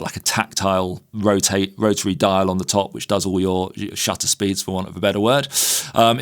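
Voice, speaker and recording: A man co-hosting a photography podcast, chatting casually and explaining gear at length with many fillers. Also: fairly low pitch. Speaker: podcast co-host.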